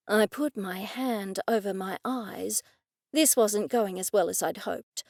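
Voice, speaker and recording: A woman narrating an audiobook in a measured storytelling way. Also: medium pitch, gravelly, darkish tone, no room sound, clean studio sound. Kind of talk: scripted narration.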